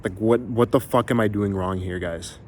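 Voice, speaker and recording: A man's voice: on the low side, moderate pace, darkish tone, slight background noise. A young man venting in a rambling, exasperated way, full of fillers and swearing, as he talks to his viewers. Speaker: musician vlogger. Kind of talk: frustrated venting to camera.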